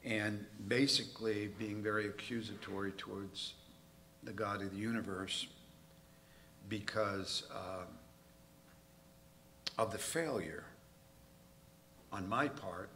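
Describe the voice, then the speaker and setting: A man preaching in a church, his low voice carrying a bright, forceful edge. He tells a personal story candidly, poking fun at himself as he goes. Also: steady tone, slow pace, long pauses, slight background noise. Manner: candid, self-mocking storytelling.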